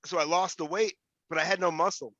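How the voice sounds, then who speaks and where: Brief: fast-talking man, blunt and profane, slightly higher voice, dry and muffled sound. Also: steady tone, a bit bright, no echo. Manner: blunt, profane, repeats words when he starts a sentence. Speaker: guest. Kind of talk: motivational interview talk.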